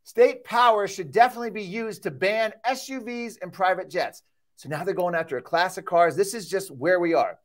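A man's voice: high voice, brisk. A man giving a heated, sarcastic keynote speech at a conference, reading out quotes and getting worked up. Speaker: keynote speaker. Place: conference hall.

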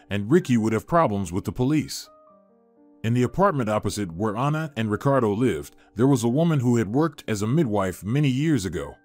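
A man giving scripted story narration in a measured, even storytelling manner. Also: medium pitch, no echo.

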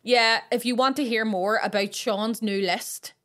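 Bright, laughing Northern Irish woman host. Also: a little high, measured pace. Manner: animated storyteller, laughs often, swears freely. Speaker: podcast host. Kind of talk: casual comedy podcast chat.

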